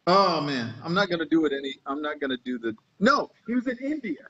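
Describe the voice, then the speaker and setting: A man with a high, husky voice co-hosts a casual live chat. He tells stories in an animated way and keeps restarting his sentences, and his audio comes through dull and lo-fi. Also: brisk. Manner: animated storyteller, restarts often. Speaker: co-host.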